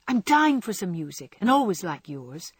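A woman's voice: mid-range voice, big pitch swings, husky, no echo. A woman reading as a frank, spirited young woman. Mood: brisk. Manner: brisk scolding, softening to tender.

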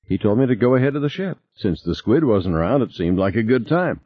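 A man's voice: lively intonation, a little fast, dry recording. A man voicing a cool, self-assured woman scientist in a raised, breezy voice, on a slightly dull recording. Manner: breezy, raised voice, put-on female pitch.

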